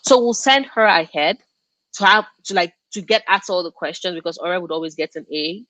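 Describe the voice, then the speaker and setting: A woman's voice: on the low side, fairly quick, fairly bright tone, dry recording. Chatty young woman, Yoruba her first language. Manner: chatty and laughing, reacts to viewer comments. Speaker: book streamer hosting a reading check-in. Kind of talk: casual live-stream chat.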